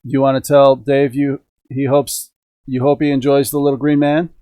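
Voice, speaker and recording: A man's voice: mid-range voice, level tone, normal speed, warm tone, no echo. A middle-aged man hosting a hobby live stream from home, chatting casually and upbeat with viewers and the chat. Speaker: host of a radio-control hobby live stream. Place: home indoors.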